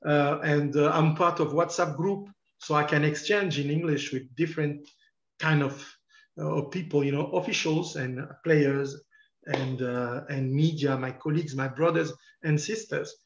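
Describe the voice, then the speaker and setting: A French-accented man in his fifties with a slightly high voice gives an earnest, encouraging talk. He repeats his key words to press a point home. The sound is roomy and dull, like muffled online call audio. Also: steady tone, measured pace. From France. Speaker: guest journalist.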